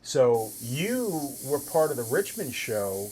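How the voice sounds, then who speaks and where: Profane, animated middle-aged man. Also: mid-range voice, slow, a little hiss or hum, rough recording. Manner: profane, animated storyteller acting out quoted lines. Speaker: host, tattoo artist. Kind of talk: casual chat, telling stories.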